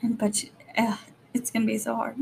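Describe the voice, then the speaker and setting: Jittery young mom vlogging, gravelly edge. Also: female voice, fairly high pitch, monotone, dark tone. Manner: rapid rambling, lots of "like", nervous. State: jittery and short on sleep. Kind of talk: casual vlog chat.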